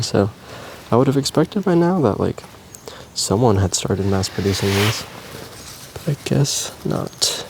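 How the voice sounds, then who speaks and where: A man vlogging about plant care in a relaxed, meandering casual chat while potting plants, with frequent ums and likes. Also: mid-range voice, normal speed, gravelly, noisy background.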